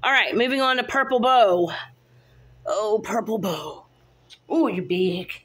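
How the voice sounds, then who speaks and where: A cat breeder films her kittens on a handheld phone, casually introducing each one and cooing baby talk at them. She speaks at a measured pace in a medium-pitched, slightly rough voice for this laid-back kitten vlog.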